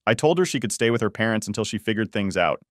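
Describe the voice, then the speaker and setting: A man's voice: on the low side, expressive, quick pace, dry recording, clean studio sound. A man telling a personal story in first person, in a conversational, exasperated way. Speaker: narrator.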